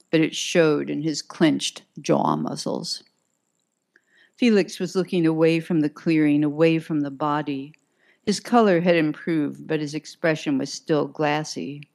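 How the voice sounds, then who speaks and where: A woman reading a first-person crime novel aloud, with a crisp, dry, sardonic delivery. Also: low voice, a little mellow. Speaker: audiobook narrator.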